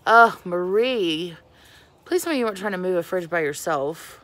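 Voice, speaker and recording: A woman's voice: lowish voice, lively intonation, normal speed, a bit bright. A woman in her thirties hosting a casual livestream from her porch, chatting with viewers and greeting them by name. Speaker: beauty vlogger hosting a livestream. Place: outdoors on a porch.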